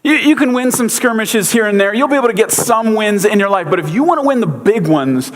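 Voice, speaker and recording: A man's voice: sits high, animated, a little fast. A man giving a casual sermon, a chatty, joking storyteller with lots of fillers. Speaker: pastor. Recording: long hall reverb.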